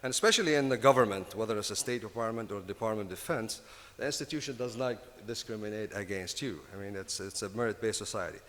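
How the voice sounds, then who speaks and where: A man in his fifties from Lebanon with a heavy Lebanese Arabic accent. He speaks on a panel in halting bursts with many restarts. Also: fairly low pitch, a bit bright. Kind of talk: panel talk. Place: convention hall. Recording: reverberant conference hall.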